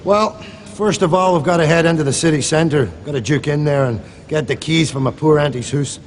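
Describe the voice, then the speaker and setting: A man's voice: a little high, a little fast, crowd noise, close to an everyday voice. A man playing a brash Glaswegian returnee. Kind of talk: sketch comedy acting. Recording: noisy TV location sound.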